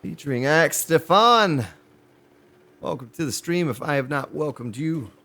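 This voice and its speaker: A man streaming a survival game live, chatting with his viewers as he plays. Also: unhurried. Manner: animated, pitch jumps on exclamations. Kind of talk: live gameplay commentary.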